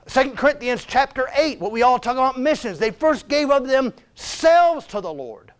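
High-voiced preacher, emphatic. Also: male voice, lively intonation, normal speed, hardly any pauses, smooth. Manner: emphatic, conversational, keeps urging "listen" and "come on now". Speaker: visiting missionary preacher. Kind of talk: sermon. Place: church sanctuary.

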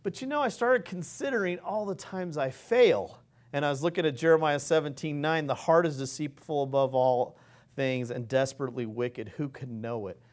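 Earnest rambling man preaching. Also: fairly high pitch. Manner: earnest, rambling, halting restarts. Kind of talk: informal sermon.

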